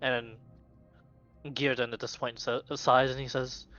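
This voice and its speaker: A man's voice: medium pitch, little pitch movement, measured pace, pushed and bright. A man narrating a tabletop game as game master, rambling with lots of fillers. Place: home streaming setup. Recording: dull lo-fi stream audio with faint music.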